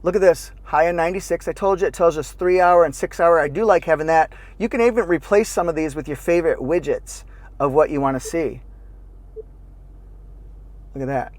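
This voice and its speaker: A man's voice: on the high side, brisk, darkish tone. A man giving a casual, upbeat car review from inside a parked car, playful and talkative, with goofy sound effects. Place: inside a parked car with the engine and air running.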